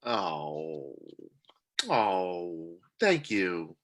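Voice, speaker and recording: A man's voice: low-pitched, very animated, extremely slow, fairly bright tone. A man co-hosting a casual podcast, giddy and laughing a lot, swearing freely. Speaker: podcast co-host. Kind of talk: casual joking chat.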